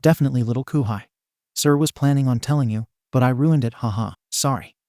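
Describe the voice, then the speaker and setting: A man voicing an enthusiastic, teasing teenage boy who interns with a hero, with a dark, mellow tone. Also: medium pitch, quick pace, no echo, studio quality, natural voice. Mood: cheerful.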